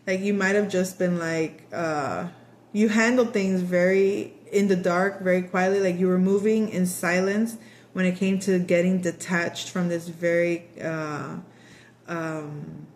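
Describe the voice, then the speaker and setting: A woman's voice: fairly low pitch, darkish tone, a little hiss or hum. A woman giving a casual tarot reading, chatty and rambling, laughing often and acting out quoted voices. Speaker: tarot reader.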